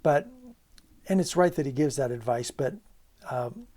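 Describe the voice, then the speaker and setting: A man's voice: medium pitch, animated, measured pace, warm tone. A man giving an unscripted lecture on literature, earnest and emphatic, asking rhetorical questions and often restarting his sentences.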